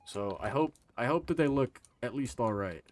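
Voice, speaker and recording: A man's voice: mid-range voice, animated, moderate pace, slight background noise. A man streaming a video game live, rambling to his chat in a loose, casual way and swearing freely. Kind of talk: casual gaming stream commentary.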